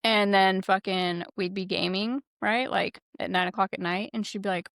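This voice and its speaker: Gravelly-voiced woman telling profane stories. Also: medium pitch, moderate pace, no room sound, clean studio sound. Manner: profane, animated storytelling. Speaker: podcast co-host. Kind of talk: casual podcast chat.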